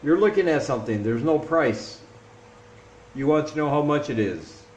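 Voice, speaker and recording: A man vlogging casually, teaching travel phrases slowly and deliberately, repeating each one several times. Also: a little high, animated, lo-fi sound. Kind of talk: casual instructional vlog. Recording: echoey room with faint traffic noise.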